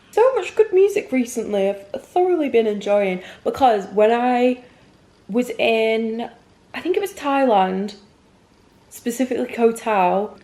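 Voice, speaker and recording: A woman's voice: medium pitch, a little mellow. A young woman from Manchester with a Manchester accent, chatting in a rambling casual vlog full of "like" fillers. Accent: Northern English, Manchester. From Manchester, England. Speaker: vlogger. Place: outdoors walking around town, then a salon.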